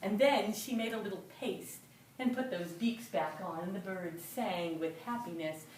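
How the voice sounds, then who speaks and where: A woman telling a folk tale live to an audience, with a rhythmic, repetitive, expressive delivery. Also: medium pitch, moderate pace, slight background noise. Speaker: storyteller. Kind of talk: live oral storytelling. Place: storytelling venue before an audience. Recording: roomy live room from a distance.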